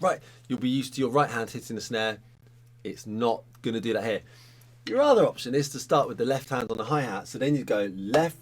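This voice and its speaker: A man's voice: medium pitch, moderate pace, noisy background. A man teaching a drum lesson, talking casually and counting sticking patterns aloud.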